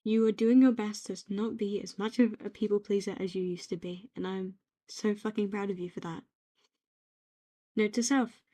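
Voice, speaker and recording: A young British woman gently rambling in a soft-spoken ASMR-style note to herself, reflective and quietly affirming, recorded on a home microphone. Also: mid-range voice, steady tone, normal speed. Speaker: ASMR creator.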